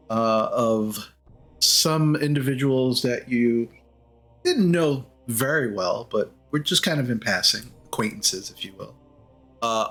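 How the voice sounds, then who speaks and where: A man narrating as the dungeon master of a tabletop game, with a halting delivery full of fillers. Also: medium pitch, sharp tone.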